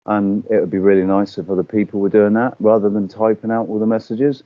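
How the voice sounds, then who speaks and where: A man in casual chat, telling stories with animated swearing and acting out quotes. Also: lowish voice, a little fast, dry recording. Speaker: podcast guest. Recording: dull lo-fi audio.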